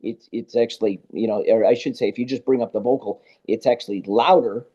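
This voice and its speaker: A man with a very dark, mellow voice, talking casually as a guest on a podcast. He tells anecdotes with lively energy, playing out both sides of the conversations he remembers. The recording sounds dull and lo-fi. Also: medium pitch, fairly quick, slightly rough. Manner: animated anecdote-telling, acts out both sides of dialogue. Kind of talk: casual storytelling interview.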